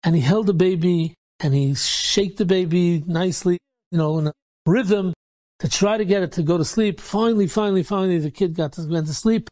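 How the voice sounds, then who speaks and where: A man's voice: sits high, a little fast, dark tone. Rabbi telling a story, man. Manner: casual, repetitive retelling peppered with Yiddish and Hebrew words.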